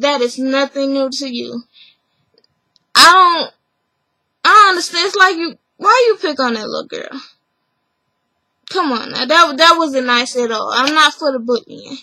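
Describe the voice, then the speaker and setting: A woman's voice: high-pitched, sharp tone, no room sound, poor audio. A woman recapping a reality show episode in a chatty, opinionated vlog, acting out the people she quotes. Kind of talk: casual recap review.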